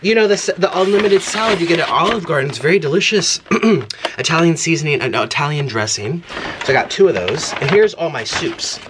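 A man hosting a food-eating vlog, chatting excitedly with viewers as he unboxes gifts and shows his food. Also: on the high side, a little fast. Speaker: mukbang host. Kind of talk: casual vlog chat while unboxing and eating. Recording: noticeable background noise.

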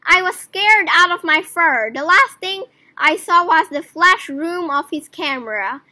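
A woman's voice: very high-pitched, animated, a little slow, bright, forceful tone. A woman reading a children's book aloud, telling the story expressively and putting on voices for the characters. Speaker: reader.

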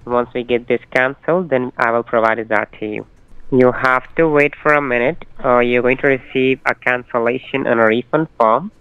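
A man's voice: medium pitch, normal speed, clean tone, dry recording. Insistent man over a muffled phone line. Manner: insistent, repetitive, formulaic phrasing. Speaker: scam caller. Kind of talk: phone call.

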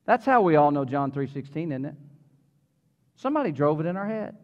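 A middle-aged man, a pastor, preaching a sermon in a church, animated and conversational with humorous asides to the congregation. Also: on the high side, a little fast. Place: church sanctuary. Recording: reverberant hall, slightly dull sound.

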